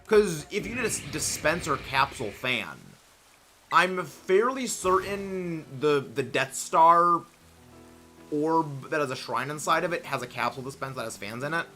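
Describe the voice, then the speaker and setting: A young man hosting a livestream, chatting casually and reading chat messages in an excitable, rambling way. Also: on the high side, normal speed, faint music behind. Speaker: livestream host.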